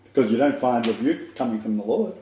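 A man's voice: medium pitch, lively intonation, brisk, a little hiss or hum. Older man preaching a sermon. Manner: earnest, emphatic, with asides and laughs. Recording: dull echoey room recording.

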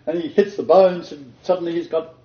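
A man's voice: on the high side, steady tone, fairly quick, dark tone. A man leading an interactive Bible study, quizzing his group and laughing often. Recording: roomy dull lo-fi recording.

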